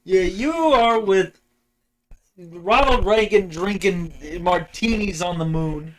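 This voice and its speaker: A young man hosting a casual podcast, sarcastic and crude, with a deadpan delivery. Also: sits high, slow, rough recording. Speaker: podcast host. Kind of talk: casual joking chat.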